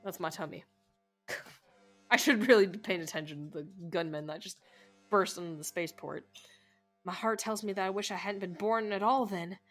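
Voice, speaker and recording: A woman streamer reading a game's dialogue and narration aloud during a live playthrough, cursing and laughing at the story as she goes. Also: mid-range voice. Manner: reads all game text aloud, swearing and laughing at the story.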